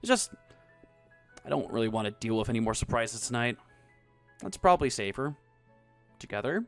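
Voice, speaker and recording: A man's voice: mid-range voice, big pitch swings, normal speed, a bit bright, soft background music. A man doing an eager young tourist. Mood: lively. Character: young male tourist, 25, earnest and awkward.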